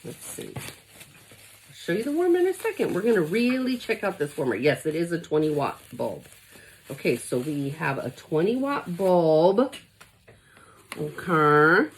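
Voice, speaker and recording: A woman from the Los Angeles area, a product consultant vlogger, does an excited unboxing, gushing and emotional while speaking straight to her viewers. Her lowish voice is very animated and a little slow, with slight background noise.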